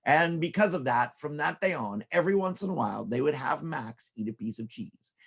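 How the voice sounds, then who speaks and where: A man telling silly stories to children, very expressive, with repetition and sound effects. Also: on the high side, a little fast, gravelly, husky. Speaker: children's storyteller. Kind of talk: animated storytelling for children.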